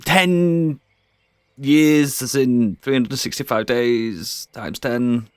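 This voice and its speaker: A man's voice: mid-range voice, slow pace, clean tone, no room sound, clean studio sound, close to an everyday voice. A man playing a sarcastic halfling prisoner. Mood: exasperated. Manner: sarcastic, swearing, exasperated.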